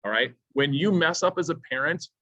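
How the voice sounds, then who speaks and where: A man's voice: fairly high pitch, brisk, fairly bright tone, dry recording. A man who teaches teens, speaking to parents at a school seminar in an earnest, pleading, advice-giving way. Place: school room. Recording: dull lo-fi sound, dry.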